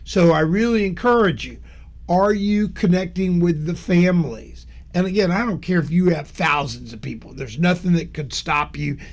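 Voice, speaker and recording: A man's voice: high voice, moderate pace. A middle-aged man giving a blunt, emphatic motivational business talk, telling stories from his own work. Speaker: business speaker.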